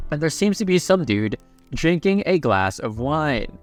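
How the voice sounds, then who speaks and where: A man recaps a story in a casual, chatty voice that sits a little high. He drops playful asides as he goes, with faint music playing underneath. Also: very animated, unhurried.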